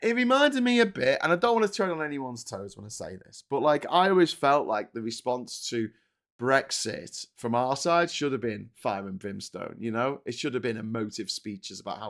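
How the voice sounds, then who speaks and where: A Liverpool-accented man hosting a live political stream, furious and foul-mouthed as he rants. He fires off rhetorical questions and curses freely, with a voice of middling pitch. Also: sing-song, normal speed, fairly bright tone. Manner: angry, sweary, ranting, rhetorical questions. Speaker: political commentary host.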